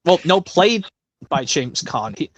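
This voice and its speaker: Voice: medium pitch, very animated, takes it slowly, highs cut off. A streamer hosting a casual impressions stream, chatting in a rambling, self-correcting way and reading a story aloud. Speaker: stream host.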